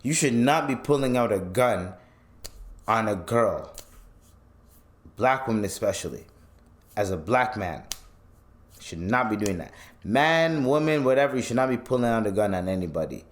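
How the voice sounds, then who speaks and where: In a fairly low voice at a moderate pace with long pauses, a man from Canada hosts a podcast. He rambles through stories in a profane, animated rant, performing each quoted person as he goes.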